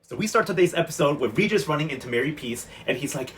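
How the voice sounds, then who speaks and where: A man's voice: on the high side, animated, fast, a bit bright, a little hiss or hum. A young man giving a chatty, sassy, slang-filled recap of soap episodes. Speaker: recap vlogger.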